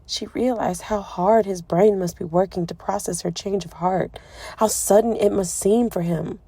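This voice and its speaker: A woman narrating a romance audiobook in a soft, emotive storytelling manner. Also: medium pitch, fairly even intonation, normal speed, breathy edge, no room sound. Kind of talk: scripted narration.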